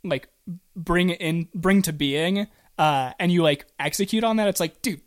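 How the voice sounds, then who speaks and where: A man's voice: high voice, a little slow. Hyped-up podcast host guy. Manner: enthusiastic, keeps saying "dude". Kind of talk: casual podcast chat.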